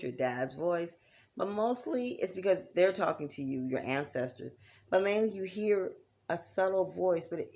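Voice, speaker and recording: A psychic teacher with a rumbling low, darkish voice gives a casual instructional talk. Her lesson on spiritual practice is chatty, and she checks in with her listeners often.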